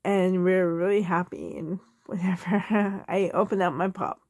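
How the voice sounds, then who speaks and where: A woman's voice: lowish voice, little pitch movement, normal speed, darkish tone, dry recording, clean studio sound. A woman in her forties from Canada, casually telling family stories in a rambling way and laughing through them. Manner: loose and rambling, many fillers. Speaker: vlogger answering a tag video. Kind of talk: casual storytelling.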